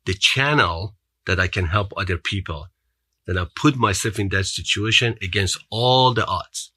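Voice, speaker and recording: Accented male guest, earnest motivational storyteller, low and forceful. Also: moderate pace, slightly rough, dry recording. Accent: foreign accent. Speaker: podcast guest. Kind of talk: storytelling in an interview.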